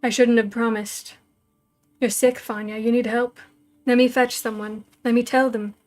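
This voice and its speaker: A woman voicing an earnest, protective young man in a read-aloud story, with a low-key, plain delivery. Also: flat delivery, moderate pace, faint music behind, close to an everyday voice. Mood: worried.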